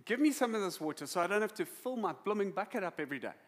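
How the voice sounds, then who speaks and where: A man's voice: high voice, very animated, racing, long reverb tail, voice pushed up. A man voicing a cocky, sarcastic woman at a well, mocking and incredulous.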